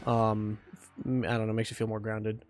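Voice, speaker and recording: A game developer streams himself eating while chatting about building his game, rambling with plenty of ums and restarts. His voice sits fairly low and he speaks at a moderate pace in a completely flat delivery, with soft music playing in the background.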